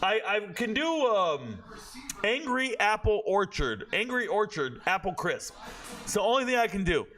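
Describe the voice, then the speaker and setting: Animated, bright-voiced man telling stories. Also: high-pitched, a little slow. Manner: animated storytelling, swears freely, talks to chat. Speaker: streamer hosting a football watch party. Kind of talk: casual chat.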